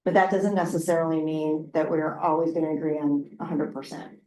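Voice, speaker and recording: Frank, low-voiced woman council leader. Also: steady tone, fairly quick, darkish tone, distant mic. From Oregon. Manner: candid, chatty, frank, with laughs and filler words. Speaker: regional council president. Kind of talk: informal remarks at a council work session. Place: city council meeting room. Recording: roomy meeting room with faint noise.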